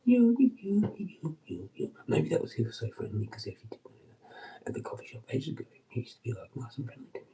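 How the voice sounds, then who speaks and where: A man's voice: mid-range voice, rapid-fire, mellow, in a whisper, rough recording. A man rambling crudely on a livestream, swearing often and slipping into muttered asides. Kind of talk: rambling casual livestream chat.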